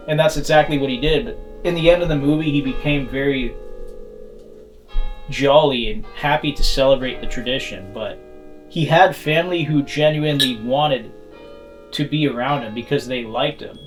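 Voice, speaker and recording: A man's voice: medium pitch, moderate pace, faint music behind. A man from Canada reviewing a beer in a comedic vlog, ranting profanely and laughing often.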